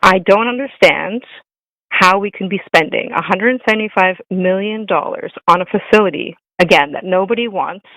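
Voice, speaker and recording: Indignant, repetitive, council public comment, mid-pitched voice, dry sound. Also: normal speed, pushed and bright, no room sound, low-quality recording. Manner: indignant, repeats its points pointedly.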